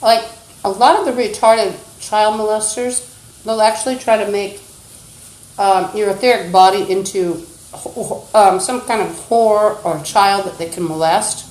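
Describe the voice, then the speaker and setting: A woman's voice: medium pitch, unhurried, darkish tone, echoey room, rough recording. A woman livestreaming, ranting in an agitated, insulting, accusatory way into a phone. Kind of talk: rambling livestream rant.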